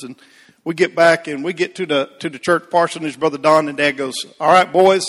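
A man preaches in an easygoing, storytelling way, turning to name people in the pews as he goes. His voice sits a bit high and rings out with a long echo through the sanctuary. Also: a bit bright. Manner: folksy, addresses congregation members by name. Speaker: Baptist pastor. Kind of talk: storytelling sermon.

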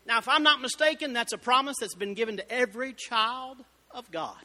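A man preaching a fervent Baptist sermon, building up to shouted exclamations. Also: very high-pitched, expressive, fairly quick. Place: church sanctuary. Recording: reverberant church hall.

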